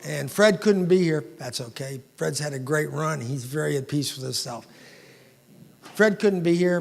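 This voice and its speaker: A man's voice: a little high, vocal fry. A man giving an emotional, inspirational banquet keynote speech, quoting famous sayings. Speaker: keynote speaker. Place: large banquet hall. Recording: reverberant hall.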